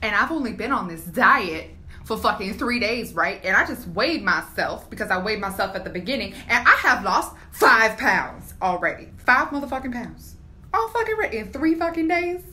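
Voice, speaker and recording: Bright, excitable young woman cursing gleefully. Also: on the high side, moderate pace. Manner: excitable, profane, emphatic. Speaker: vlogger. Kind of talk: casual phone rant.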